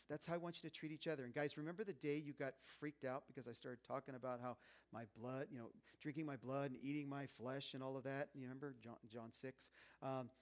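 A man's voice: a little high, close to an everyday voice. A man voicing Jesus in a sermon retelling, talking to his disciples in a conversational, coaxing way and urging them over and over to remember. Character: Jesus, earnest male teacher pleading with his disciples.

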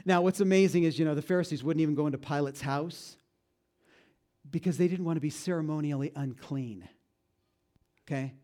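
A man preaching a storytelling sermon, retelling events dramatically and conversationally, often dropping into hushed tones and adding asides to his listeners. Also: on the high side. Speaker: pastor.

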